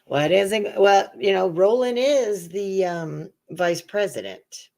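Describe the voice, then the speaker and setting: This co-host of a casual livestream panel has a gravelly, dark voice of medium pitch, with lively intonation and a slow pace. She teases, laughs often, and performs the lines of others.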